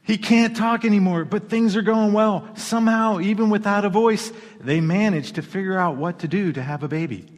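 A man preaching a sermon, his slightly high voice swinging between loud, punchy emphasis and hushed asides. He talks to the congregation conversationally. The sound trails off into a long hall reverb. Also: moderate pace, hardly any pauses. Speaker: pastor.

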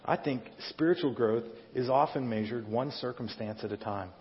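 Speaking at a moderate pace with medium pitch, a middle-aged man pastors his congregation through a conversational sermon full of questions to them. It was recorded in a church sanctuary, where the sound is dull in the reverberant hall.

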